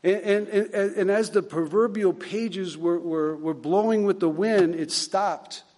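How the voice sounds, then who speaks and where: A man preaching a sermon, retelling a story and reading scripture in a halting way, with many repeated words and fillers. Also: high voice, darkish tone, big-room sound.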